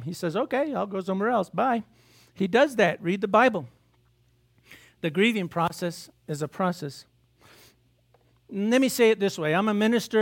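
A male pastor delivers a sermon in a fairly high voice. He talks to his congregation casually, tossing out rhetorical questions and breaking into little acted bits of biblical dialogue.

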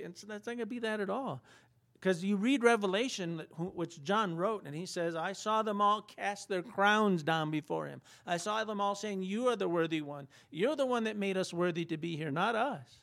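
High-voiced man preaching conversationally. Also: creaky. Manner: conversational preaching with rhetorical questions and acted-out quotes. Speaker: pastor. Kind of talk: sermon.

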